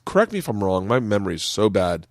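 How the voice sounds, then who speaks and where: A man hosting a podcast, telling stories in casual chat and jumping into high, exaggerated voices when he quotes people, a little drunk. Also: quick pace, slight background noise. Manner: animated storyteller, jumps into high voices for quotes. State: tipsy. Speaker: podcast host.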